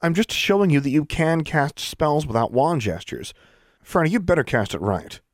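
A man's voice: a little high, expressive, normal speed, no echo, studio quality, pitched above the performer's own voice. A man voicing a confident teenage witch girl who explains magic matter-of-factly. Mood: explaining. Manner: patient, matter-of-fact explaining.

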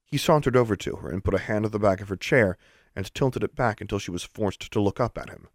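A man narrating a fantasy story in steady, scripted storytelling. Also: fairly low pitch, fast talker, no room sound, clean studio sound. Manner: steady storytelling, lively intonation. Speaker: audiobook narrator.

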